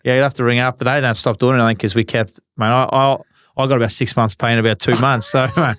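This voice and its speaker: A relaxed Australian man in his forties spins loose, profane footy yarns in an easy drawl. His voice is smooth and resonant, recorded dry and close with no room sound. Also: mid-range voice, fast talker, dry recording. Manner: laid-back, swears freely, acts out old arguments. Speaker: guest, former footballer. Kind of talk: casual storytelling interview.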